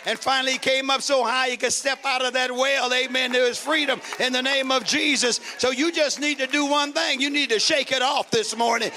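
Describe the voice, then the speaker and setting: High, bright-voiced preaching man. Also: moderate pace, hardly any pauses, a little hiss or hum. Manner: call-and-response preaching, rising to shouts. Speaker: pastor. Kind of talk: sermon.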